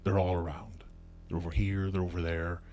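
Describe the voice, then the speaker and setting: A man's voice: deep voice, level tone, a little fast, dark tone, slight background noise. A man hosting a puppet show, rambling through a comic monologue with hesitant fillers. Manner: rambling, chatty, with hesitant fillers and put-on voices.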